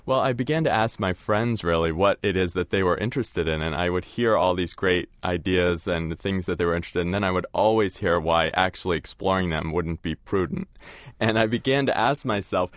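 A man's voice: low voice, brisk, no room sound, studio quality. A man co-author who reads from his book and answers in a thoughtful, hedging way. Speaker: co-author guest. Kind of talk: reading aloud, then interview answers.

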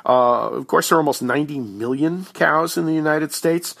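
A man's voice: a little high, normal speed, vocal fry, a bit bright. A man who is a regular guest commentator on a radio show, explaining news items over a phone line in a folksy, joking way. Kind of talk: conversational explainer.

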